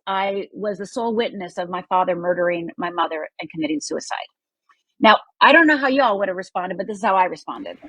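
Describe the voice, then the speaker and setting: A woman's voice: mid-range voice, a bit bright, slightly rough, no echo, low-quality recording. A woman in her sixties from Upper Michigan, telling a personal story as an interview guest in an earnest, emphatic way. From Upper Michigan, United States. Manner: earnest, emphatic, acts out quoted voices. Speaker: guest, life coach.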